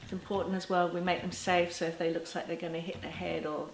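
Gentle woman talking in an echoey room. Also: on the low side, flat delivery, fast, vocal fry. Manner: gentle and reassuring, with soft laughs. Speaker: parenting educator. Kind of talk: talking to camera. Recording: echoey room with faint ambience.

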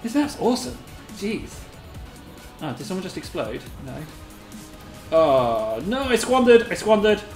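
A host giving live gameplay commentary, excitable and giggly, squealing a high catchphrase, then muttering quietly to themself. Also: a little slow, pauses often. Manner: mutters quietly to self between bursts. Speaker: gaming video host. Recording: roomy echo, faint game music behind.

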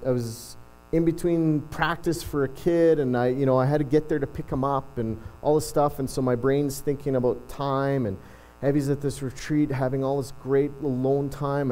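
A man's voice: medium pitch, a little mellow, rough recording. A middle-aged male pastor giving a casual, self-deprecating sermon, often restarting his sentences. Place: church.

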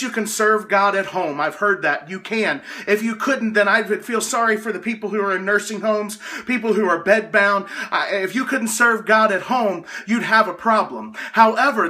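A man preaches a devotional sermon with a high, bright, forceful voice. He is earnest and gets emotional, lifting his voice when he is excited. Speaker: hospice chaplain and preacher.

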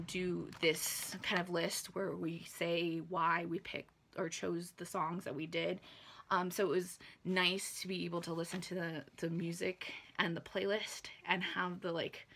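A woman's voice: fairly low pitch, creaky, a bit bright, a little hiss or hum. A young woman vlogger losing her voice, chatting casually through an unboxing, rambling with lots of ums and likes.

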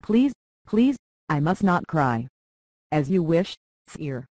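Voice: mid-range voice, slow pace, dry recording, natural voice. A reader voicing Elaine, a proud young noblewoman. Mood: pleading. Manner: pleading, then sharply biting. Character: young noblewoman, proud but hurt, quick-tongued. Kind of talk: audiobook character reading.

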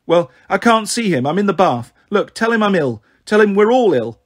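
Guy putting on a panicky little girl voice, raised pitch, a bit husky, storybook reading. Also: sing-song, normal speed. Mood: panicked. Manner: urgent, flustered pleading. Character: anxious eleven-year-old girl minding her siblings.

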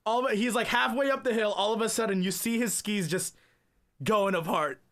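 Male streamer, high-pitched voice, casual comedic storyteller who rambles, swears and gets excited. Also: normal speed. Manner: rambling, full of "like" fillers and swearing; grows loud and excited at the peaks of the story. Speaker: gaming streamer telling a story.

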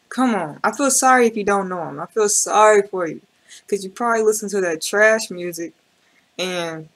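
A woman speaking talks in emphatic, repeated bursts, hyping up what she has just watched. Her voice sits at an ordinary pitch, and this is casual reaction commentary. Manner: emphatic, repetitive hype talk. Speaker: reaction video host.

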